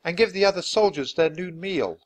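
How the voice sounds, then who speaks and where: A man voicing a brisk young female army nurse in a storybook read-aloud, giving quick instructions. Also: high voice, lively intonation, no echo, pitched above the performer's own voice. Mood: instructing.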